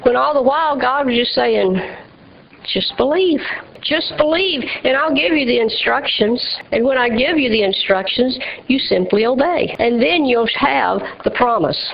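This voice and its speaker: A woman's voice: on the high side, gravelly. A woman preaching a sermon in an emphatic, rhythmic style, speaking to a responding congregation. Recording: dull lo-fi church recording.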